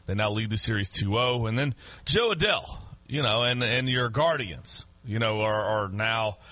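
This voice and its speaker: A man's voice: fairly low pitch, lively intonation, moderate pace, pushed and bright, no room sound. A man co-hosting a sports radio show, talking casually with many restarts and fillers. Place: radio studio.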